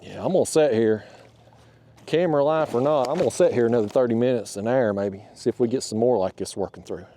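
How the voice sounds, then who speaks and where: Man, warm and relaxed tone, casual fishing-vlog host speaking from his kayak on a camera mounted to the boat. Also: medium pitch, fast. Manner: folksy and chatty, talks out loud to the fish. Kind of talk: casual on-the-water vlog talk. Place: outdoors on a kayak on a reservoir.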